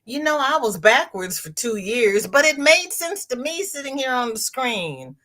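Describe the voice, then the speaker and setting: A woman in her sixties hosting a casual crochet livestream, chatting warmly with viewers and greeting them by name as she reads the chat. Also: sits high, big pitch swings, unhurried. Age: 60s.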